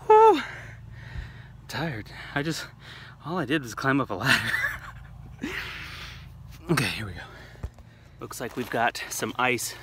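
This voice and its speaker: Joking dad filming a family vlog. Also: male voice, mid-range voice, sharp tone, slight background noise. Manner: joking, self-mocking asides to the camera. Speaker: vlog host and father. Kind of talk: casual family vlog talk. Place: family home, indoors.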